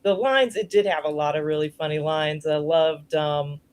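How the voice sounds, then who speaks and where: A woman's voice: deep voice, normal speed, clear, resonant tone. A woman co-hosting a casual podcast, reviewing a film with frequent laughs and mild slang. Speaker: podcast co-host. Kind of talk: casual chat, movie review.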